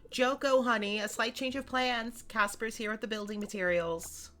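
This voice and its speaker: A woman reading a cheerful, brisk female carpenter in a game, upbeat and a bit bossy. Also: on the high side, steady tone, bright, forceful tone, slight background noise, pitched above the performer's own voice.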